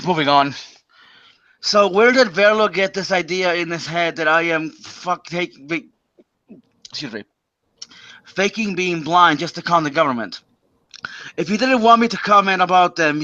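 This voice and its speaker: Casual, stammery guy ranting on stream, kinda high voice, dull dry lo-fi mic. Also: pushed and bright, dry recording. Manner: stammering, profane, indignant. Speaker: stream host. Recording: dull lo-fi sound.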